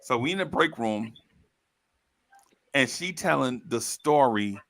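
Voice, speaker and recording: A man telling a funny story from his own life in a casual, animated way, laughing often and calling the listener bro. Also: mid-range voice, unhurried, no room sound, studio quality. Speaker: storyteller host.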